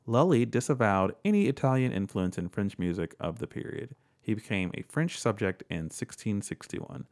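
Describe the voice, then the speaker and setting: A man with a very low, deep voice hosts a loose, casual chat. He reads facts aloud and riffs on them with offhand jokes and easy swearing. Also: lively intonation, normal speed, darkish tone. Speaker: podcast co-host.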